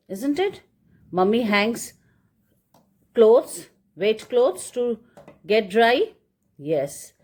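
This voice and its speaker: A young woman teacher with an Indian English accent, teaching a phonics lesson to small children and spelling out words slowly in a sing-song way. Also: on the high side, darkish tone. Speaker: kindergarten teacher.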